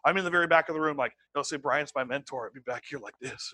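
A middle-aged man giving an energetic sales training talk, acting out voices and dropping into whispers. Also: a little high, fast talker, few pauses, no echo. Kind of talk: motivational seminar talk.

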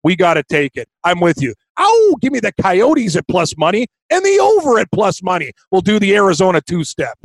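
A man's voice: high-pitched, wildly swooping pitch, fairly quick, hardly any pauses, no echo. A man with a Canadian accent co-hosting a sports betting podcast, giving emphatic, confident picks. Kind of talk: casual sports betting chat.

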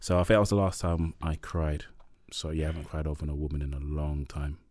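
Very deep-voiced, laid-back man. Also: fairly even intonation, fast, darkish tone, no room sound, studio quality. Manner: laid-back, hesitant, low-key. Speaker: podcast guest. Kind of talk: casual podcast chat.

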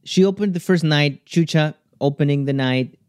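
Animated man telling a story. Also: on the high side, normal speed, clear, resonant tone, no echo, studio quality. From Chile. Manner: animated storytelling, acting out quotes. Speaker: guest. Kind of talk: casual chat.

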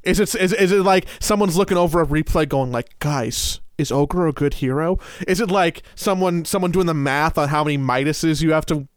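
A young man with a smooth, clear, slightly high voice riffs casually as a podcast co-host. He stumbles over repeated words and laughs easily, recorded close on a dry mic. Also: fairly quick, hardly any pauses, no echo. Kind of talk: casual chat.

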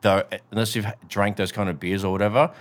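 Very deep-voiced relaxed man. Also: fast. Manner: relaxed, mumbling, trails off quietly. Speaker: podcast co-host. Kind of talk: casual chat.

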